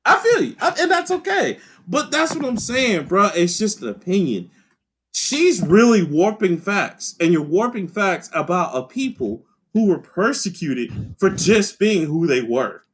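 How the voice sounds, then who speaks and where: A man hosting a casual podcast chat, talking with passion and heavy profanity, sometimes raising his voice to a shout. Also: high-pitched, very animated, unhurried, a little hiss or hum. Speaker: podcast host.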